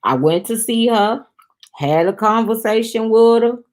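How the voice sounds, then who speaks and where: A woman voicing a stern older man, a family boss, in a recap, giving gruff warnings at a slow pace. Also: a little high, animated, a little mellow, voice pushed up.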